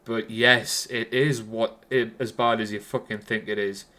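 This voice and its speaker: A man's voice: fairly low pitch, little pitch movement, measured pace, sharp tone. Geordie guy ranting about a film, swears every other word, keeps losing his thread. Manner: swears constantly, rambling with restarts. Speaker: film reviewer. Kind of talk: casual rambling film review.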